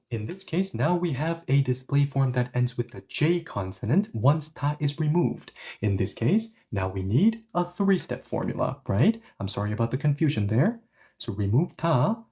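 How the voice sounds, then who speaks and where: A man teaching a live language lesson, explaining grammar step by step and often correcting himself with quick apologies. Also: medium pitch, mellow.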